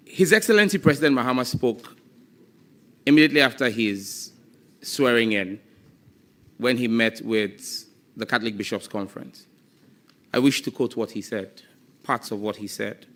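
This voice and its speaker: A man's voice: mid-range voice, a bit bright. A Ghanaian man answers questions at a parliamentary hearing, speaking into a desk microphone. He states his position firmly and declaratively. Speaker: ministerial nominee. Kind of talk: formal testimony at a hearing.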